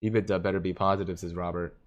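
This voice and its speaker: A man's voice: low voice, fairly even intonation, fast. A man hosting a live stream, casually reading viewer comments aloud and joking, with frequent chuckles. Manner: jokey, chuckles often between comments. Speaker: livestream host.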